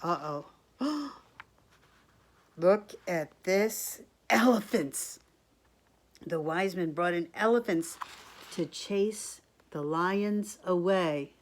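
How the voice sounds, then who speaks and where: Woman teacher, slow read-aloud storytime voice, expressive, asks kids questions. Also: lowish voice. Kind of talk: picture-book read-aloud for children.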